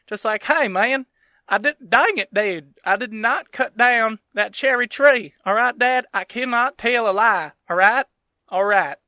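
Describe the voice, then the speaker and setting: A man's voice: extremely high pitch, fairly quick, hardly any pauses, sharp tone, no echo, studio quality, voice pushed up. A man putting on a brash, whiny redneck drawl to play a young George Washington. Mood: defensive rant.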